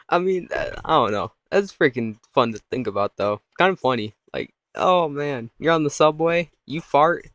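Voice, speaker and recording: A man's voice: on the high side, expressive, moderate pace, few pauses, fairly bright tone, no echo, studio quality. A man hosting a podcast, rambling through goofy comic ideas with frequent laughs. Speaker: podcast host. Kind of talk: casual rambling comedy monologue.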